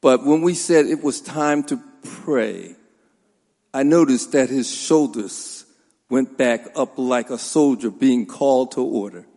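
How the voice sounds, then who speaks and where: A man delivers a eulogy in a large church at a very slow, deliberate pace, pausing on fillers between formal phrases. His voice carries a long reverb through the sanctuary. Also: medium pitch, mellow. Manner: measured, formal speech with hesitant fillers. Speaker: son-in-law giving a eulogy. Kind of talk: funeral tribute speech.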